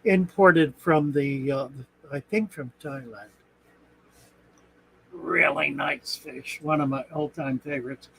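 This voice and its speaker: Male host, unhurried and rambling, bright and slightly husky, easygoing stream chat. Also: on the high side, a little hiss or hum, low-quality recording. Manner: rambling, chuckling, thinks aloud while searching. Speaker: aquarium channel host. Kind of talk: casual live-stream chat.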